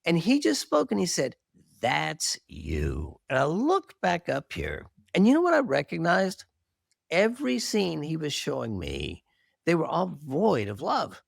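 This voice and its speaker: A man's voice: a little high, moderate pace, vocal fry, dry recording, studio quality. A middle-aged man, a marriage therapist, telling his story candidly and earnestly in an interview, with self-deprecating humor. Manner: animated, earnest testimony with self-deprecating laughs.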